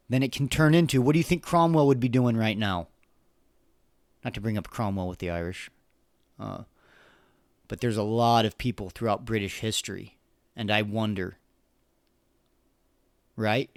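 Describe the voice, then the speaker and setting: A man's voice: medium pitch, dry recording, clean studio sound. A man hosting a solo opinion podcast, talking earnestly and with passion, often repeating words as he gathers his thoughts. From United States. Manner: earnest, impassioned, repeats words while searching for them. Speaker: podcast host.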